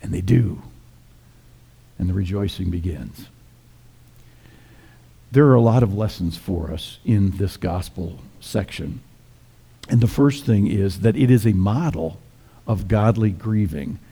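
A man's voice: lowish voice, unhurried, gravelly, pauses often, dark tone, slightly rough. A middle-aged male pastor preaching a sermon, retelling scripture in a folksy, conversational storytelling manner.

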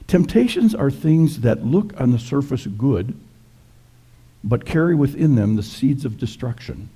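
A man preaching a sermon, telling folksy jokes in a relaxed storytelling way. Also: medium pitch, a little slow, slightly rough. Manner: folksy, joking. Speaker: pastor.

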